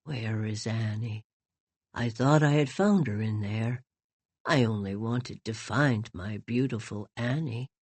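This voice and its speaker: A lost, heartbroken old wanderer, put on by a woman reader mumbles slowly in a sunken, hushed voice. He sounds far below the reader's own pitch, and the sound is dry and close. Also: husky, no room sound, heavily acted. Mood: mournful.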